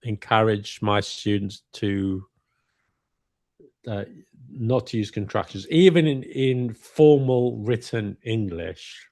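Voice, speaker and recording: A man co-hosting a casual podcast as an English teacher, relaxed and correcting himself as he gives spoken examples. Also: fairly low pitch, slow pace, no room sound, studio quality.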